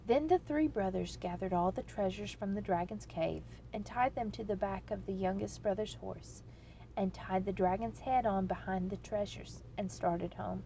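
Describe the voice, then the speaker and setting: A woman reading a storybook aloud in a slow, measured way. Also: medium pitch, vocal fry, mellow, highs cut off, slight background noise.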